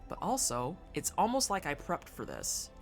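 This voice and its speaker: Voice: huge pitch swings, normal speed, soft background music. A streamer giving casual, profane commentary while playing a game and chatting with viewers. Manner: profane, chatty, jumps into high-pitched silly voices.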